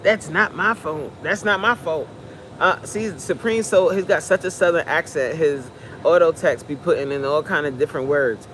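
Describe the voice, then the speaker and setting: A woman's voice: low voice, moderate pace, a bit bright, a little hiss or hum. A fitness coach, a woman, giving a blunt, preachy, joking pep talk on a live stream.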